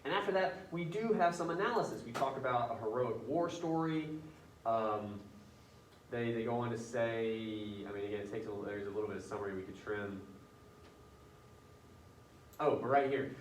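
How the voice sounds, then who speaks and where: Casual teacher in a roomy classroom. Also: male voice, medium pitch, expressive, moderate pace, pauses often, a little hiss or hum. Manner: casual, chatty, thinking aloud while editing. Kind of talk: classroom writing lesson. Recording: roomy classroom picked up from a distance.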